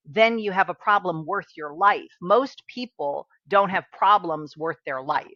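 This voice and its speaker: Bright-voiced woman host, dull lo-fi sound. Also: fairly low pitch, animated, moderate pace, no room sound. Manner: eager, affirming, reflective. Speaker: podcast host. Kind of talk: conversational interview.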